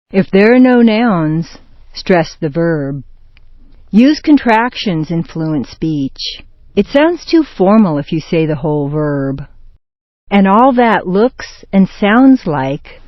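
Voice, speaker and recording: A woman narrating an accent and grammar lesson in a slow, deliberate scripted delivery, stressing words in example sentences. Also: on the low side, big pitch swings, no echo. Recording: dull, dry studio voice-over.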